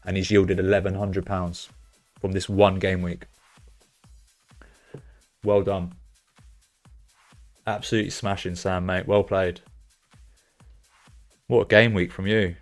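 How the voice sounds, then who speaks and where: A young British man chatting casually on a live stream, reacting loudly to results and bursting into cheers and swearing. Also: sits low, level tone, slow pace, pauses often, soft background music. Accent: British English. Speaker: streamer hosting a fantasy football stream. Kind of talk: casual live-stream chat, reading out chat messages.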